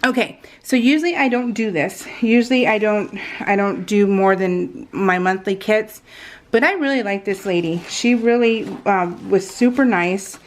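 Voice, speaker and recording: A woman chatting casually as she unboxes craft supplies, gushing with excitement and often dropping into a soft whisper. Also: mid-range voice, moderate pace. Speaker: craft vlogger.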